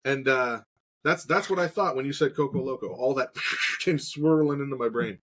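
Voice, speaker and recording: A man's voice: mid-range voice, moderate pace, a bit bright. A man in his thirties co-hosting a casual talk show, telling a story with lots of swearing and acted-out quotes. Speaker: podcast co-host.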